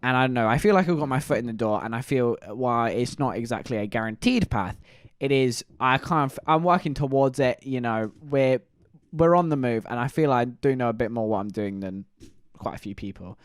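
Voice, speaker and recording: A man's voice: mid-range voice, fairly quick, clean tone, no echo, clean studio sound. A young man telling a rambling, chatty story to his viewers. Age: young adult. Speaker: vlogger.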